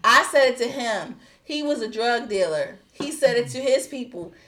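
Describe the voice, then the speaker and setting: A woman's voice: on the high side, normal speed, noisy background. Laughing young woman with a Baltimore accent. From Baltimore area, USA. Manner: storytelling, laughs often, animated. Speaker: podcast host. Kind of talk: casual chat among cousins.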